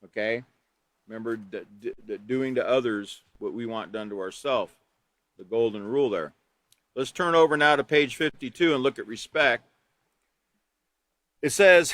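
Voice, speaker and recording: Heard at medium pitch and normal speed with no room sound, this man runs a live online course training teachers. He works through a manual step by step, reading each one aloud before bringing it to life with examples.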